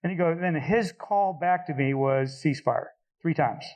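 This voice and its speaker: A man's voice: fairly high pitch, moderate pace, a little mellow, low-quality recording. Man telling a combat story. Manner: vivid storytelling, acts out radio calls. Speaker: retired A-10 pilot on a panel. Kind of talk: storytelling at a live panel.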